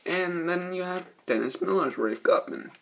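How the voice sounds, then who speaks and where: A man's voice: high voice, expressive, normal speed, vocal fry, a bit bright, slight background noise. A man giving a rambling, profane, laid-back spoken movie review. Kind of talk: casual spoken film review.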